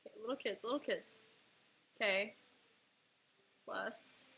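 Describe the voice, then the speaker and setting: A young woman chatting casually on a livestream, excitable and quick to laugh at herself. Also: medium pitch, vocal fry, slightly rough. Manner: excitable, laughing often, self-deprecating groans. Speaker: illustrator streaming live. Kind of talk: casual livestream chat while playing a drawing game.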